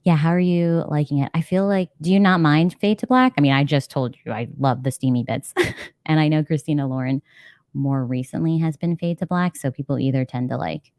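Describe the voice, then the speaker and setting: A woman's voice: deep voice, a little fast, a little mellow, no room sound, studio quality. A woman hosting a casual live reading stream, chatting to viewers and laughing often. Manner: chatty, reads chat comments aloud, laughs often. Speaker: livestream host.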